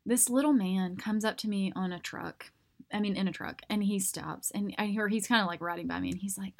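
A woman hosting a podcast, telling a self-mocking story in a casual, animated way and acting out the voices of people she quotes. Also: medium pitch, moderate pace. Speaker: podcast host.

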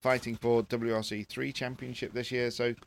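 Animated man pundit, middle pitch. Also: moderate pace, vocal fry, a little hiss or hum. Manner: animated, repeats words when pressing a point. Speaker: rally pundit. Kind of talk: casual panel chat.

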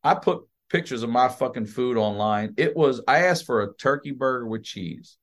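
A man tells a wild story as a podcast guest, swearing freely and jumping into other people's voices. His pitch swings widely as he talks, though it sits in an ordinary middle range. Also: normal speed. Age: adult with a child. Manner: animated, profane, acts out other people's voices. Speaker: comedian guest.

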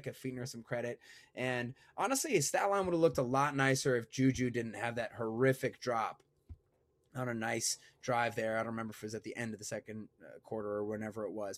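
A man with a medium-pitched voice hosts a sports podcast, recorded dry. He reads an ad and chats casually, joking and rambling and cutting himself off again and again.

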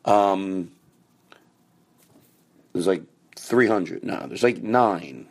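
A man hosting a podcast, rambling casually through plans and announcements, now and then erupting into loud profane rants. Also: deep voice, extremely slow, gravelly. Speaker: podcast host.

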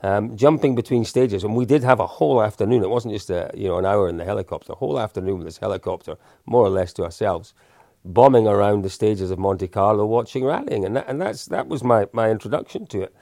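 A man's voice: fairly low pitch, quick pace, vocal fry, a little mellow, no room sound, studio quality. A man, co-hosting a podcast and telling a chatty, self-deprecating story. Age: 50s. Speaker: podcast co-host. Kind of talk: anecdotal storytelling, casual chat.

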